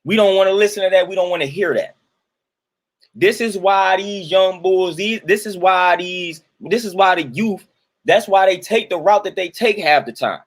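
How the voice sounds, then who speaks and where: Guy w aave ranting his take, repeats himself a lot, kinda high voice. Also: moderate pace. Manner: repetitive, preachy, emphatic. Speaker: commentator. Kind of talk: casual opinion monologue.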